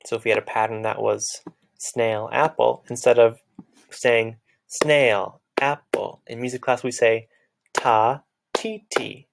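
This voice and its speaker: A man's voice: mid-range voice, little pitch movement, unhurried, gravelly. A man teaching a children's music lesson, patiently clapping out words and chanting their syllables.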